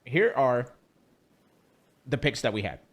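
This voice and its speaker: A man's voice: medium pitch, animated, slow. A man co-hosting a casual podcast, chatty and joking, rambling with fillers. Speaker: co-host.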